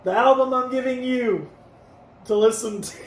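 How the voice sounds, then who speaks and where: High-voiced man in an echoey room. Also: moderate pace, far from the mic. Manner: relaxed, gives scores out of ten, laughs easily. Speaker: podcast co-host reviewing albums. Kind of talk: casual review chat. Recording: echoey room, mic set back, faint noise.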